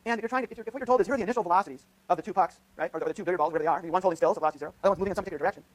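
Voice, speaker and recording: Guy professor lecturing fast in a lecture hall, highish voice, lots of restarts and "right?". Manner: thinks aloud, many restarts and tag questions. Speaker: physics professor. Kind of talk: university lecture with live demonstration.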